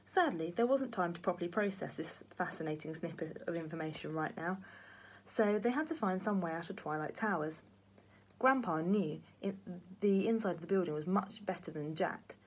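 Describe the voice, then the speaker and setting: A woman, a primary teacher, reading a children's book aloud with lively, expressive storytelling. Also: fairly low pitch, moderate pace, slightly rough.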